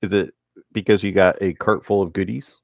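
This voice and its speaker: A man's voice: sits low, steady tone, normal speed, gravelly, no room sound, dull audio. A man who teases and laughs easily, chatting casually as a podcast host. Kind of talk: casual chat.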